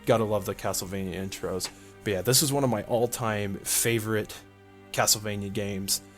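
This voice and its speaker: A let's play host chats casually over game music while playing through a video game, rambling and using lots of fillers. His voice is lowish and steady, at a moderate pace.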